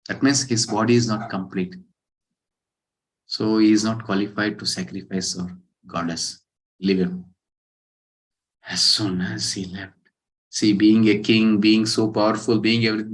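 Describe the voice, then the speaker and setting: A man giving a scripture class, telling a parable in an animated way and acting out the characters' lines. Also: lowish voice, rough recording. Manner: animated storyteller, acts out quoted characters. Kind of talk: storytelling sermon.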